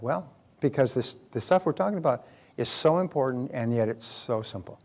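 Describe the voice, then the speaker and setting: A man's voice: medium pitch, animated, moderate pace, darkish tone. A man from North America giving a motivational seminar talk, telling anecdotes, repeating key phrases and acting out the people he quotes. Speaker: motivational speaker.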